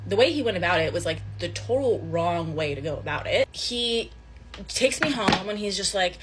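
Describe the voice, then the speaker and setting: A young woman casually telling a first date story, chatty and animated, acting out the dialogue. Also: mid-range voice, moderate pace, background noise.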